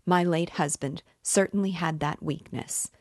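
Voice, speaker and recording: A woman's voice: sits low, measured pace, dry recording, clean studio sound. A woman voicing a proud, bitter, impoverished widow who plays hostess, speaking in a haughty, indignant manner while reading a novel aloud. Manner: haughty and indignant, raising her voice.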